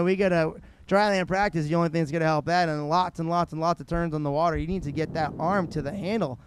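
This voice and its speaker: A man doing live play-by-play commentary, excitable and chatty, telling stories between runs and shouting on big tricks. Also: on the high side, fast, few pauses, smooth. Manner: chatty storyteller. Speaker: sports commentator.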